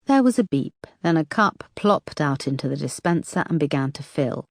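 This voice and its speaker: A woman narrating an audiobook in a steady, even manner. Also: low voice, normal speed, no room sound, clean studio sound. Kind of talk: scripted narration.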